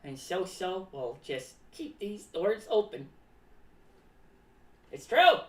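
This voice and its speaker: A woman's voice: lowish voice, very animated, slow pace, fairly bright tone, recorded from a distance, full character voice. A woman voicing a rambling, eccentric clown who talks about himself in the third person and is paranoid about cats, streaming live. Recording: echoey room, voice away from the mic.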